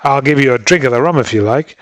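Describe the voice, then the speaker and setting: A man voicing a rough, boastful drunken sailor who blusters and threatens. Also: medium pitch, fast, no room sound, lightly acted. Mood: drunk defiant.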